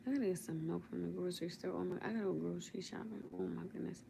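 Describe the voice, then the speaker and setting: Sleepy gravelly-voiced woman livestreaming. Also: on the low side, fairly even intonation, rapid-fire, noisy background. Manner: sleepy, teasing, laughs often. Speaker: livestream host. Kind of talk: casual late-night livestream chat. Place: at home in bed.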